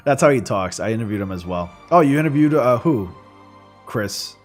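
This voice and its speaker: A man's voice: mid-range voice, expressive, normal speed, soft background music. Chatty, rambling male streamer. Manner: rambling, filler-heavy, chatty. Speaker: gaming livestream host. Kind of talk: casual chat while streaming. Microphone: studio condenser microphone.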